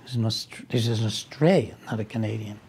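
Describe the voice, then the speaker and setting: Very husky man telling a story. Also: fairly low pitch, fast, a little mellow. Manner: anecdotal, with wry asides and restarts. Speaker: speaker recounting a personal conflict. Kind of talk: conversational storytelling.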